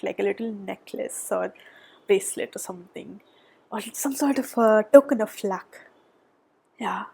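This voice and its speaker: A woman giving a tarot reading, gushing and excitable, often dropping to a soft whisper, a little out of breath. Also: on the high side, vocal fry, slightly rough. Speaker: tarot reader. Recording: background noise.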